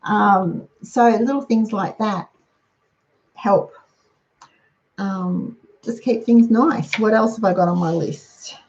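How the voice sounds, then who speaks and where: A middle-aged woman talks through household tips in a relaxed, practical way, listing items one after another. Her voice has a gravelly fry. The recording sounds dull and lo-fi. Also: mid-range voice, slow pace, long pauses. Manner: chatty, practical, runs through lists. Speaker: host giving lunchbox tips. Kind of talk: casual how-to talk.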